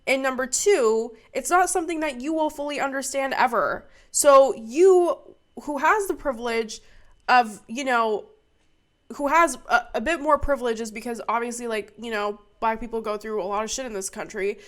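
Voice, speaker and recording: A woman's voice: a little high, normal speed. A young woman streamer giving fired-up, profane commentary. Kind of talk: heated commentary.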